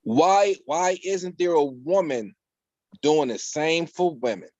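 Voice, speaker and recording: Male talk show co-host, animated and profane, a bit high-pitched, on dull lo-fi video call audio. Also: slow pace, no room sound. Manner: animated, joking, profane, repeats himself. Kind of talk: casual panel debate.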